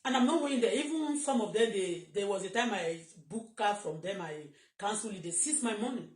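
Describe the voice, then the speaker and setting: A woman's voice: mid-range voice, expressive, brisk. A woman with a Nigerian accent on a live stream, rambling and agitated, repeating herself and switching into Yoruba at times. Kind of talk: emotional live-stream monologue. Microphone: phone. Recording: echoey room.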